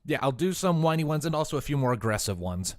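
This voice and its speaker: A man's voice: fairly high pitch, big pitch swings, fast talker. A man in his twenties, a voice actor chatting casually in a recording session, laughing and joking with crude words. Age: 20s.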